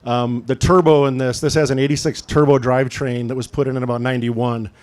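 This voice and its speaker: A man's voice: mid-range voice, little pitch movement, a little fast, a little mellow. A man from the American Midwest giving a casual storytelling talk at a car event, conversational with frequent "um" fillers. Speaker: guest speaker at a car event.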